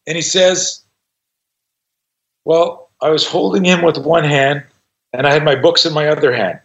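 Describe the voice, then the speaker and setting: Speaking a little slowly with long pauses, this sixty-something self-defense instructor has a voice on the high side. Profane and animated, he relates a story in conversation, performing the voices of its characters. The recording is dull and lo-fi.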